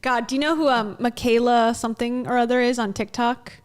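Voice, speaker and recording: Chatty livestream host woman, bit high. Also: fairly even intonation, fairly quick, a little hiss or hum. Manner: joking, chatty banter. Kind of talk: casual chat.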